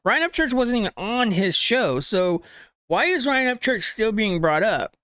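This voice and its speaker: A man's voice: high voice, sing-song, unhurried, sharp tone, dry recording, clean studio sound. A man hosting a reaction video who scolds the clip's speaker with rhetorical questions and informal grammar. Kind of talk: reaction commentary.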